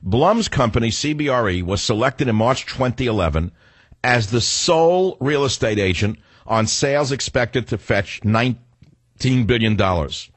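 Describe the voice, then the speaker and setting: Husky, combative talk radio host. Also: male voice, medium pitch, lively intonation, normal speed, no room sound. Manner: combative, sarcastic. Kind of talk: opinionated talk radio monologue.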